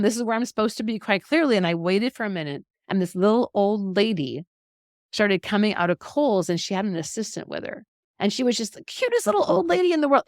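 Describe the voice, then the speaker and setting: Encouraging middle-aged woman, lowish voice. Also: no echo, clean studio sound. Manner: animated, encouraging, laughs often. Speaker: health educator. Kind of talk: faith-based teaching talk.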